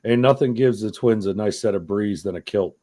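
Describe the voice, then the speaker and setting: A man's voice: lowish voice, fairly quick, mellow. A man from New York hosting a podcast, talking in a crude, rambling, profane way. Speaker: podcast host. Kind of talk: casual chat.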